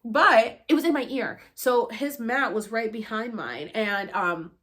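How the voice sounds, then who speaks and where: A young female vlogger whose voice is fairly high talks a little slowly as she tells a story from her own life. Animated and casual, she curses freely and acts out the things people said to her.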